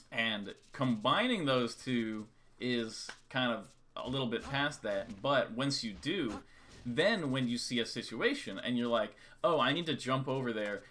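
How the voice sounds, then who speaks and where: A man's voice: mid-range voice, sharp tone, slight background noise. A man coaching a student in a live-streamed game lesson, talking casually and counting out rhythms over and over. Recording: keyboard clicks and typing behind. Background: keyboard clicks and typing.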